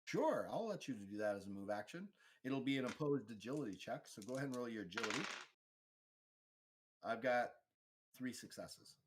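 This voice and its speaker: A man running a tabletop role-playing game as game master, explaining rolls and narrating the action in a relaxed, halting way. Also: medium pitch, slightly rough. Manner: relaxed, halting, with frequent fillers and restarts.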